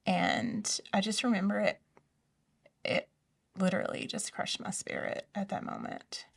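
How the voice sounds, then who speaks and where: A woman telling her personal story in an interview, soft-spoken and hesitant, often dropping to a near whisper. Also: medium pitch, sing-song, measured pace, creaky, far from the mic. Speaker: interview guest. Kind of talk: personal testimony in a conversation.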